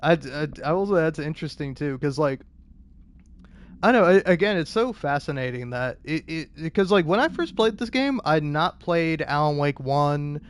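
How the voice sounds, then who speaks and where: A man's voice: fairly high pitch, expressive, moderate pace, a little hiss or hum. A man casually commenting while playing a game, often laughing and repeating words as he stammers. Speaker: gamer reading in-game letters. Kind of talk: casual let's-play commentary.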